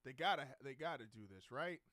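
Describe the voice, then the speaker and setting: A man's voice: medium pitch, animated, a little fast, bright, forceful tone, dry recording, studio quality. A man hosting a live draft watch-along, talking casually and ranting in exasperation. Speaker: podcast host.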